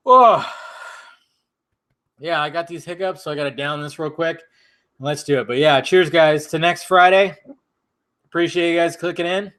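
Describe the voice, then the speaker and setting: A man's voice: a little high, normal speed, pauses often, a bit bright, clear, resonant tone. A man hosting a casual drinking stream, rambling, swearing and laughing while he has the hiccups. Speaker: channel host.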